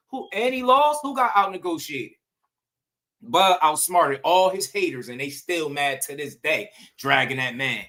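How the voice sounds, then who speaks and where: High, bright-voiced man ranting about boxing. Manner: ranting, profane, slangy, rhetorical questions. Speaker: boxing commentary host. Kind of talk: heated casual commentary.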